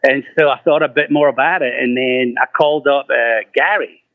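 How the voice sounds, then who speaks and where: This middle-aged rock singer speaks briskly at a medium pitch, spinning casual stories peppered with swearing and laughter while voicing the people he quotes. The sound is muffled, lo-fi, and dry, with no echo.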